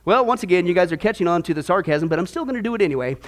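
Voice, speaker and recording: A man's voice: high-pitched, animated, racing. A man preaching a sermon-style Bible lesson, emphatic and sarcastic, full of rhetorical questions.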